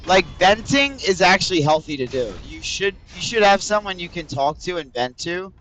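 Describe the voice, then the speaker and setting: Over soft background music, a man with a high, fairly bright voice and lively intonation chats at normal speed with viewers while streaming a game. He rambles, swears, and speaks straight to chat.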